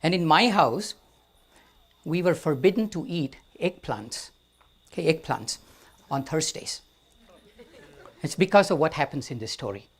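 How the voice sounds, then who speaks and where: A man from India with an Indian accent, telling a story to a live audience in an amphitheater, speaking slowly and deliberately with wry humor. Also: fairly high pitch, expressive, slightly rough. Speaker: guest storyteller.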